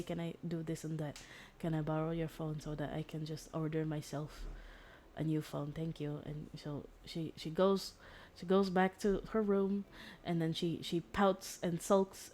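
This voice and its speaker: A woman's voice: sits low, warm tone, slight background noise. A woman streamer casually retelling a story, rambling with fillers and restarts and acting out the quoted lines.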